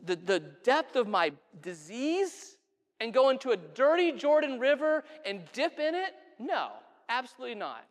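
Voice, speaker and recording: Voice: medium pitch, very animated, fairly quick, few pauses, sharp tone, exaggerated voice. A preacher acting out a proud, indignant ancient general who declaims his outrage during a sermon. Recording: long church reverb.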